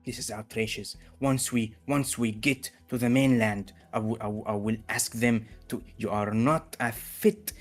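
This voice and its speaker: A man's voice: unhurried, hardly any pauses, soft background music. A man voicing a snotty, pompous, rotund noble mayor who whines with indignation. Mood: indignant. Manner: indignant, whiny, raised pitch.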